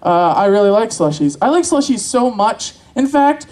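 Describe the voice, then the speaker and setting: A man's voice: high-pitched, very animated, moderate pace, a little mellow, low-quality recording. A man doing crude, rambling, self-mocking open-mic stand-up on a convention stage. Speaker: stand-up comic. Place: convention stage with live audience.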